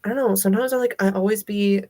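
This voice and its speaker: A young adult woman with a Southern US accent hosts a livestream, chatting casually with viewers in a rambling, giggly way full of fillers. Her mid-range voice is mellow and fast, with fairly even intonation.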